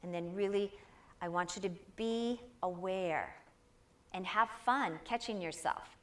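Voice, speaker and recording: Speaking at a measured pace in a voice on the low side, a woman gives an upbeat, encouraging talk live at a spiritual center. She keeps inviting the audience to call out responses.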